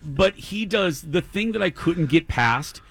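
A man hosting a podcast, talking about movies in an animated, exasperated way. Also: fairly high pitch, a little slow. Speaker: podcast host. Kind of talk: casual chat about movies.

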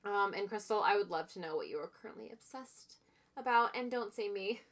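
A woman's voice: medium pitch, a little fast, a bit bright. Blunt, joking woman podcaster. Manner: blunt, joking, swears freely, laughs often. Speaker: podcast co-host. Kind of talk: casual chat.

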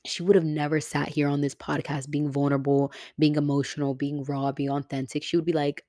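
A woman's voice: deep voice, level tone, brisk, hardly any pauses, mellow, dry recording, studio quality. A young woman hosting a solo podcast, talking in an earnest, heartfelt, emotional way and swearing casually. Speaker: podcast host.

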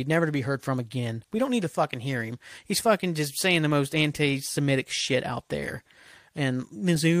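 A man's voice: fairly high pitch, expressive, a little fast, no room sound. A man hosting a solo podcast, ranting casually with constant swearing and rambling asides. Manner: profane, rambling, heated. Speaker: podcast host.

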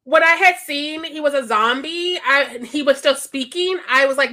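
Bright, high-voiced woman podcaster. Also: normal speed, few pauses. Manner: animated, laughing, swears, acts out lines. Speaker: podcast co-host. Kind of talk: casual movie review chat.

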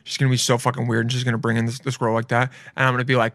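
A man giving casual reaction commentary, rambling and excitable, calling people "dude" and swearing freely. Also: medium pitch, very fast, no room sound, studio quality. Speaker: video reaction host.

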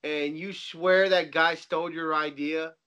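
A man with a high, bright voice chimes into the conversation. He is animated and swears freely, throwing quick reactions into the chat. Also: clear, resonant tone, dull audio. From Texas. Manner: animated, profane, quick to jump in. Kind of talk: casual chat.

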